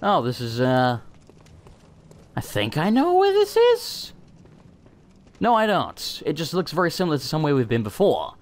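A man giving excited gaming commentary, swearing and bursting out in panic as he plays. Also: on the high side. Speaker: let's play host.

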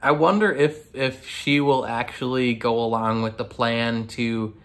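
A man's voice: mid-range voice, fairly even intonation, measured pace, a bit bright. A man casually chatting through his reaction to a TV episode, rambling with restarts and frequent laughs. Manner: rambling, laughs often, many fillers and restarts. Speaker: reaction video host.

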